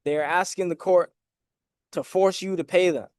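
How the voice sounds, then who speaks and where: A man's voice: high-pitched, fairly even intonation, normal speed, darkish tone, dry recording, clean studio sound. Emphatic man explaining debt documents. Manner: direct, emphatic, addresses viewers as guys with frequent "right?". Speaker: credit and debt educator. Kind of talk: casual explanatory talk over documents.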